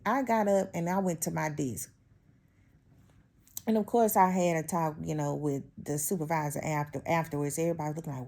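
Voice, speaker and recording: A woman with a lowish, mellow voice tells a storytime from her home. She chats casually and sounds openly exasperated. She keeps turning to her viewers as if they were friends. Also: steady tone, fairly quick. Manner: chatty, exasperated, addresses viewers as y'all. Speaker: vlogger telling a workplace story.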